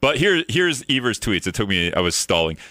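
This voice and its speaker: A man's voice: on the low side, sing-song, a little fast, pushed and bright, dry recording, studio quality, soft background music. A male radio talk show host chatting casually, rambling and joking, a little out of breath.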